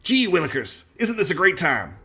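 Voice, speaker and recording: A man voicing a folksy, overly cheerful American man in a loud, exaggerated, corny manner. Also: high-pitched, sing-song, moderate pace, pitched above the performer's own voice, heavily acted. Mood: jolly.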